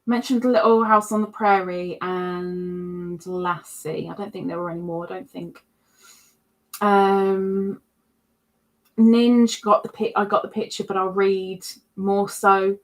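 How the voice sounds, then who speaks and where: A woman's voice: medium pitch, little pitch movement, takes it slowly. A woman hosting a livestream, chatting casually and reading out viewer comments in a rambling way. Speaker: livestream host.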